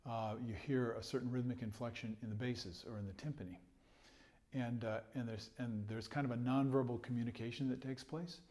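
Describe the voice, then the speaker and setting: This trumpet teacher has an ordinary pitch and a steady, darkish tone, and he talks fairly quickly. Patient in his explanations, he vocalizes rhythms on nonsense syllables, with chuckles between points.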